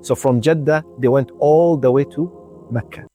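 Over background music, a man with a mid-range voice speaks at a normal pace. He's a storyteller on a community radio station, recounting a religious tale, frequently repeating phrases and drawing on Arabic religious vocabulary.

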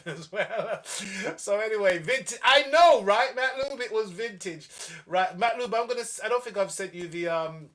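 A man's voice: high voice, a bit bright. A man hosting a live kids' show, chatting casually with listeners in a playful, teasing, mock-indignant way.

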